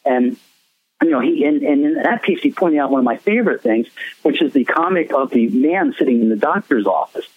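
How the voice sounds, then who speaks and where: A man's voice: mid-range voice, very animated, a little fast, dry recording. A man, a musician guest, telling rambling stories in a casual interview, laughing often. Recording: tinny phone line, dry.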